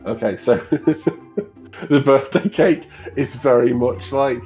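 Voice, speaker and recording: A man's voice: medium pitch, slow, a little mellow, soft background music. A man narrating a tabletop game as game master, casual, laughing often and swearing freely.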